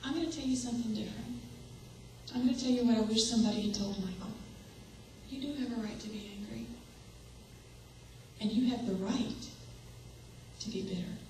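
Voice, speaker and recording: A woman's voice: fairly high pitch, fairly quick, pauses often, a little mellow. A young woman preaches with earnest conviction and puts questions straight to the people in front of her. Her voice comes from some distance off the mic and carries a strong echo, as in a large hall. Faint room noise sits under it. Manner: earnest, asks the audience direct questions. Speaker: speaker. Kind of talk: sermon. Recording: echoey hall, voice from far off.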